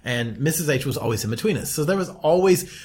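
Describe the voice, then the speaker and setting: A man's voice: on the high side, expressive, fast, a little mellow. A man co-hosting a podcast, telling a story in casual chat and laughing often. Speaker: podcast co-host.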